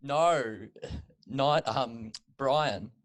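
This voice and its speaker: Slow-speaking man asking interview questions. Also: mid-range voice. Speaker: podcast host.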